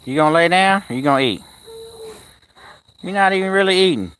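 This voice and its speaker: A man's voice: high voice, expressive, fairly quick, a bit bright, clear, resonant tone. A man chatting casually on a live stream outdoors at a kennel, cooing at his animals and answering the chat in a folksy way.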